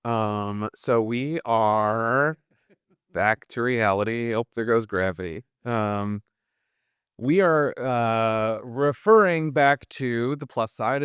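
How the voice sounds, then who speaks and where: A male pastor in a relaxed, loose conversation, leading the questions. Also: fairly low pitch, a little slow, clear, resonant tone, no room sound, studio quality. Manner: relaxed, rambling with fillers. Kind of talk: casual conversation.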